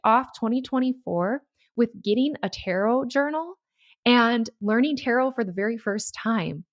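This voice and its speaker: Woman podcaster, chatty and excitable, super dry close sound. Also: a little high, moderate pace, no echo. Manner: excitable, chatty, reads tarot passages aloud. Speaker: podcast host. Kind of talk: casual solo podcast talk.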